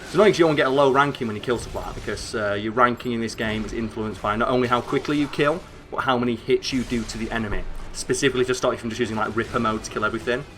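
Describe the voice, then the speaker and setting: Young northern english guy streaming, bright punchy voice, swears a lot, rambles, faint noise behind. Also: mid-range voice, very fast, few pauses. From northern England. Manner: excitable, sweary, rambling with frequent "like" fillers. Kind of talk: casual gameplay commentary.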